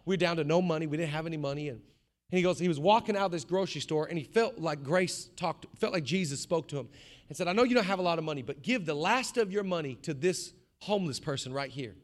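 A man preaching a sermon as pastor, animated, building to shouts and acting out voices of the people in his story. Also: fairly high pitch, quick pace. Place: church.

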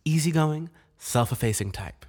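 A man's voice: fairly high pitch, animated, moderate pace, darkish tone, husky. A young man co-hosting a casual podcast, talking in a rambling, jokey way with lots of fillers. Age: young adult. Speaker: podcast co-host. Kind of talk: casual chat.

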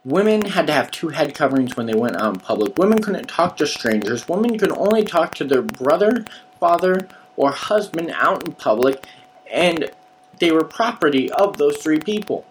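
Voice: mid-range voice, sing-song, moderate pace, a little hiss or hum, rough recording. A preacher giving an emphatic, repetitive sermon in a casual, slangy way.

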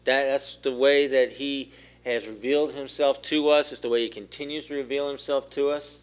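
A man's voice: mid-range voice, fairly even intonation, normal speed, clear, resonant tone. Man preaching, quizzing his congregation. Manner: asks the room questions, rises in force for key points. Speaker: pastor. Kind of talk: interactive sermon.

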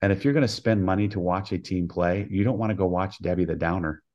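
Deep-voiced older man telling stories earnestly. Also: quick pace, highs cut off. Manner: earnest storyteller who acts out quoted dialogue. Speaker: college softball head coach, guest. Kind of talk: storytelling interview.

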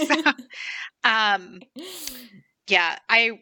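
A woman's voice: mid-range voice, lively intonation, measured pace, bright, forceful tone, dry recording. A woman co-hosting a podcast, chatting casually with lots of "like" fillers. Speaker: podcast co-host. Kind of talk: casual chat.

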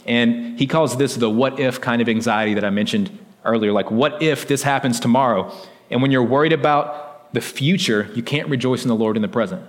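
A man delivers a sermon in a relaxed, conversational way, peppering his points with "like" and "right?" as he talks to the congregation. His voice sits at an ordinary middle pitch and carries a long hall reverb around it. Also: a little fast. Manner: conversational preaching with frequent "like" and "right?". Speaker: pastor.

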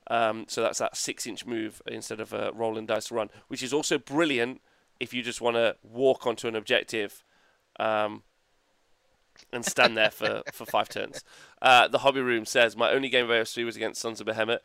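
A man's voice: mid-range voice, fairly even intonation, normal speed, vocal fry, sharp tone, clean tone, no echo. A man co-hosting a podcast in casual chat, enthusiastic and rambling, laughing often and swearing casually. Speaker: podcast co-host.

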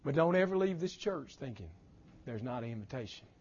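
Male pastor, sermon, husky tone, loud-to-hushed swings, dull lo-fi recording. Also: medium pitch, expressive, a little fast.

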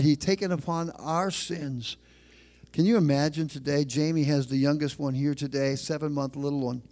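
A man's voice: on the high side, steady tone, darkish tone. Emphatic middle-aged male pastor preaching. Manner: emphatic preaching with repeated phrases and slowed, stressed lines. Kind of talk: sermon. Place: church.

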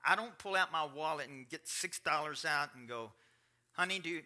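Middle-aged guy pastor preaching, super sharp bright voice, a bit high, talks casual then punches it up. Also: expressive, moderate pace. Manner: conversational, swinging to rising emphatic preaching. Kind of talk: sermon.

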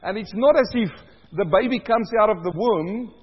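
A man preaching a sermon, asking rhetorical questions and swinging between hushed lows and loud emphatic peaks. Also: normal speed, slightly rough. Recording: dull sound in a long-reverb hall.

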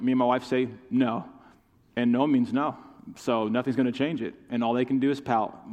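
A man's voice: medium pitch, a little mellow. Preaching man in a reverberant hall. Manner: impassioned preaching with call-and-response. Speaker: pastor. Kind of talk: sermon. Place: church sanctuary.

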